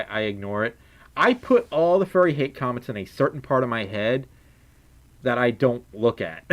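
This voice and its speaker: Animated man chatting on a livestream. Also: medium pitch. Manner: chatty and animated, nervous laughs, stammering restarts. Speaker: streamer. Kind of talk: casual livestream Q&A. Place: at home, wearing a fursuit.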